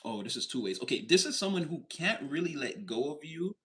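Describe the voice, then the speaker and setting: A man's voice: on the high side, big pitch swings, a little fast, a bit bright, rough recording. A man giving a casual tarot reading who rambles, swears, laughs and gets heated. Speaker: tarot reader.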